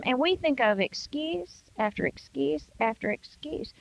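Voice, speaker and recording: A woman's voice: sits high, animated, unhurried, creaky, few pauses, dry recording. An older woman speaker giving an emphatic Christian devotional talk, acting out everyday excuses in quoted voices. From United States. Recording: dull, dry sound.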